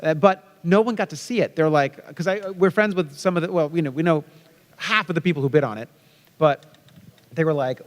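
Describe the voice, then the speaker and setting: A man's voice: a little high, fairly quick. A playful man talking on a convention stage in a slightly raised voice. His words ring out with a long reverb from a large hall. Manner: joking, playful asides. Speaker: convention panel guest. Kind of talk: casual panel Q&A.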